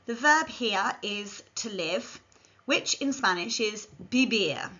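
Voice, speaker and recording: A woman's voice: medium pitch, lively intonation, takes it slowly, bright, forceful tone. A woman giving a scripted language lesson, carefully modelling phrases for learners to repeat. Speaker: language teacher. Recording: dull lo-fi recording.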